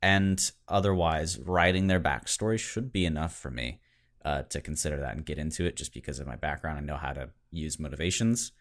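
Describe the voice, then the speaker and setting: A young man with an extremely low voice speaks a little fast while co-hosting a podcast. He chats casually about tabletop games, joking and laid-back.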